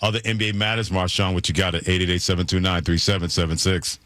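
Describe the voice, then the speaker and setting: A man's voice: sits low, level tone, fast talker, bright, forceful tone. A man hosting a call-in sports radio show, jovial, laughing as he introduces callers. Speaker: radio host.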